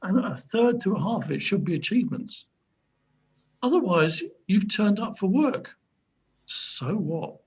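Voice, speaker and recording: A man mentoring on a video call, giving emphatic career advice in a husky voice. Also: high voice, animated, unhurried. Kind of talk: advice in an online mentoring session. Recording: dull video call audio.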